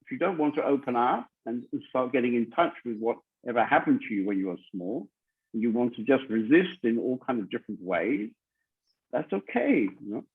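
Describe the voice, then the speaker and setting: A man's voice: mid-range voice, expressive, brisk, husky. A man, a spiritual teacher, speaking bluntly and insistently in an online group meeting and hammering his points home. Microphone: video call. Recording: tinny video call audio.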